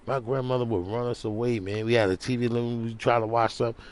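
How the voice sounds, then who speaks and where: A man ranting preachily in a casual monologue, talking low and quietly at home in the early morning. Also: level tone, fast. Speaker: vlogger.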